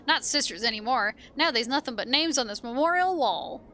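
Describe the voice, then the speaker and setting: A woman reading game lines aloud as a rough, grieving slum woman who talks slowly in coarse street slang. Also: fairly high pitch, expressive, pushed and bright. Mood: bitter. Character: rough, grieving woman of the hive slums, bitter.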